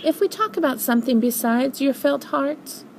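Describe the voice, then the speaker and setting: A woman's voice: high-pitched, lively intonation, moderate pace, a little hiss or hum, voice pushed up. An older woman voicing a small, anxious young male kangaroo with a piping, childlike voice in a storybook reading. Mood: worried.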